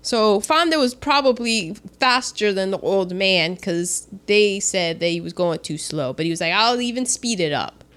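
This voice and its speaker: A woman's voice: mid-range voice, normal speed, few pauses. A woman co-hosting a podcast, chatting casually and animatedly as she quotes scenes from a film. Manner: animated, jumps in with quoted lines. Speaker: podcast co-host. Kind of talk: casual chat recapping a film.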